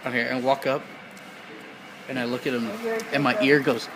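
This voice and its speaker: A man playing a tabletop role-playing game in a loose way with stumbling restarts, over loud crowd chatter. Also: medium pitch, flat delivery, normal speed, background noise. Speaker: player.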